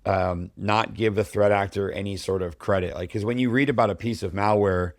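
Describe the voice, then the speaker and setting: A man's voice: fairly low pitch, fairly even intonation, brisk, dry recording, studio quality. A man hosting a cybersecurity podcast, chatting casually with frequent fillers and restarts. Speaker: podcast host. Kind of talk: casual chat.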